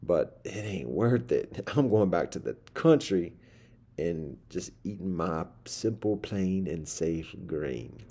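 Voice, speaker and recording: A man's voice: low voice, lively intonation, slow, warm tone, husky, full character voice. A man voicing a simple, timid male country mouse who speaks plainly and earnestly. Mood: relieved.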